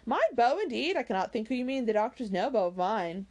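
Brief: coy, giggly young lady with a high, affected lilt, as a woman reads her aloud. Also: animated, brisk, a little mellow, natural voice. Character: giggly, simpering young woman fishing for teasing.

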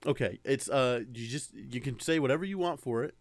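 A man's voice: mid-range voice, a little fast, dry recording. A man directing a recording session in a comic sketch, rambling and coaxing in a patient way. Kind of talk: comedic improvised sketch.

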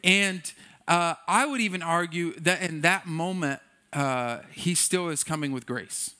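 A man's voice: fairly high pitch, unhurried, bright, forceful tone, clean tone. A man preaching a sermon as a pastor, conversational and joking, often acting out quoted voices.

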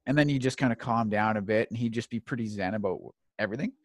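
A man telling stories in casual chat, animated and swearing, acting out quotes. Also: lowish voice, fast, dry recording, studio quality. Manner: animated, swearing storyteller who acts out quotes.

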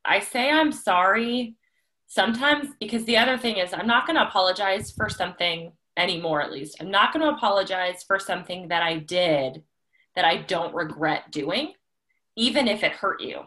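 A woman's voice: mid-range voice, animated, normal speed, bright, forceful tone. A woman co-hosting a casual chat, speaking candidly and reflectively about her own habits.

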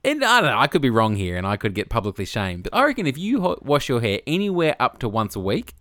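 A man's voice: mid-range voice, huge pitch swings, fast talker, fairly bright tone, dry recording, clean studio sound. A man co-hosting a podcast, chatty, explaining research and laughing often. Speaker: podcast co-host. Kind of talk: casual chat. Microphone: studio microphone.

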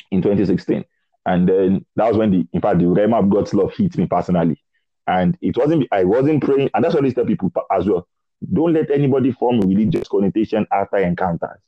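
A young man from Nigeria sharing a personal faith testimony in conversation, animated and acting out dialogue. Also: low voice, slightly rough, dry recording. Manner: animated storytelling, acts out dialogue, repeats words. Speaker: guest preacher. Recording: dull lo-fi dry sound.

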